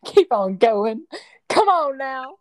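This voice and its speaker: Slow, playful Southern woman. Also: high-pitched, big pitch swings, dry recording. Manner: playful, giggly. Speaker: podcast guest. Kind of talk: casual podcast chat.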